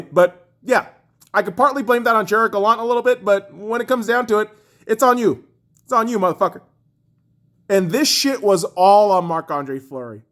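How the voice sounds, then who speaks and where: Furious profane man ranting about hockey. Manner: lively pitch swinging from shouts to low mutters. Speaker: podcast host. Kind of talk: angry sports rant.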